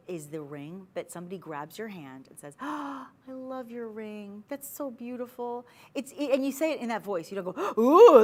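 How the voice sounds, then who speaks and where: A woman hosting a TV shopping show, chatty and persuasive as she pitches jewelry. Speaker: shopping channel host.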